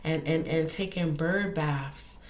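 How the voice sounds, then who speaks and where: A woman talks straight to her viewers in a casual, feisty monologue, starting over mid-sentence as the story tumbles out. Her voice sits a little low, and the room gives it a noticeable echo. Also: slow. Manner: animated, feisty, talks in bursts with restarts. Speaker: vlogger.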